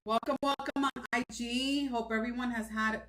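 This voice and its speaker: A woman's voice: a little high, steady tone, normal speed, fairly bright tone. Chatty woman podcast co-host, roomy sound. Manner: chatty, repeats greetings to viewers. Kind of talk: casual livestream chat. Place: Kissimmee, Florida.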